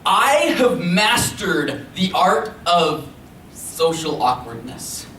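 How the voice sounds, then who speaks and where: A man with a fairly high voice performs slam poetry with an expressive, rhythmic delivery, slipping into chatty asides between pieces. He is picked up from a distance in an echoey room, with a faint hum of background noise underneath. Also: takes it slowly. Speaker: poet. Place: library event room. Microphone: recorded from a distance.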